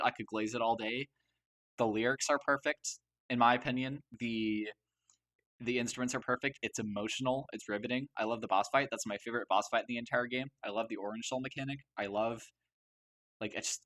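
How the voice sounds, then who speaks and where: A young man with a mid-range, sharp-toned voice gushes over a game soundtrack as a video host ranking it. His commentary is casual, full of fillers, and he keeps stammering and restarting.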